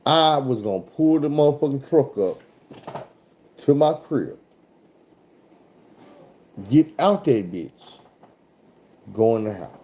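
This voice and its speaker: A man from Arkansas, a truck driver telling a road story in a loose, animated, heavily profane way. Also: medium pitch, slow pace, long pauses. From Arkansas, USA. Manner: animated, profane, swears often.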